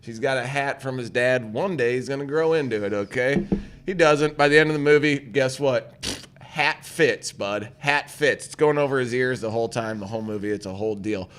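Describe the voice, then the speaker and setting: A man's voice: mid-range voice, moderate pace. A man co-hosting a morning talk show, retelling a story in a rambling, profane manner. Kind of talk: casual chat.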